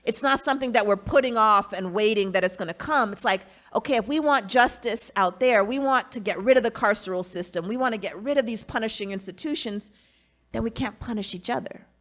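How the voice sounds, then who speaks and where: A woman's voice: a little high, fairly quick, fairly bright tone. A woman guest speaking earnestly and reflectively in a conversation, often adding "you know" and "right". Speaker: guest, academic and author. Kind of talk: casual conversation.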